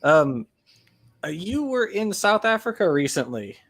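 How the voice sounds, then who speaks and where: A man's voice: high-pitched, very animated, measured pace. A young man interviewing casually, laid-back, mostly giving short replies.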